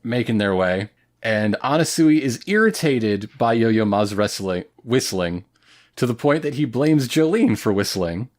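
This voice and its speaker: A man's voice: mid-range voice, animated, measured pace. A man co-hosting a podcast, recapping episodes in a rambling, joking casual chat. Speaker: podcast co-host.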